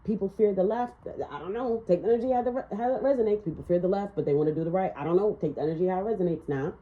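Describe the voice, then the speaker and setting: A woman giving a casual tarot reading, blunt and profane, ranting and laughing as she talks. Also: very fast. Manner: animated, swinging up and down in pitch. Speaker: tarot reader. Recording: slightly dull, lo-fi sound.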